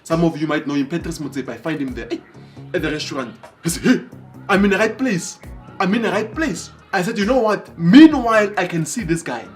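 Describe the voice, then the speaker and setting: A man telling motivational stories in an animated way, breaking into excited exclamations. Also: high voice, brisk, faint music behind. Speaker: motivational speaker. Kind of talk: motivational storytelling.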